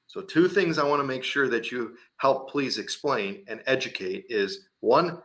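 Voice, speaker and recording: A man's voice: mid-range voice, a little slow, a bit bright. A man hosting a radio interview show, upbeat and enthusiastic as he introduces his guest. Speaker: show host.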